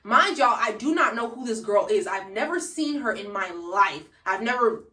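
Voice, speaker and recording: Telling her viewers a story in a casual, slangy way, this young woman in her late teens sounds animated and bright, her mid-range voice pushed and at normal speed. The vlog was shot on a phone camera set away from her in a room with echo.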